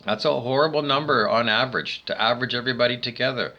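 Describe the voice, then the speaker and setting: A Canadian man, a spiritual vlogger, delivers a rambling monologue indoors by a window, talking fast at medium pitch with lo-fi sound. He insults his listeners and keeps repeating "I don't know."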